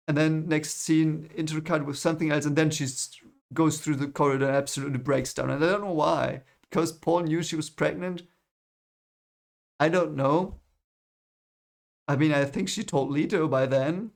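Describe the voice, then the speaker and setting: A man talks through a film scene by scene in a loose, rambling vlog style. His voice sits a little high and has a gravelly rasp to it. He often stops mid-thought to correct himself and apologize before going on. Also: steady tone, moderate pace. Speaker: film reviewer vlogger. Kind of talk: casual spoken film recap.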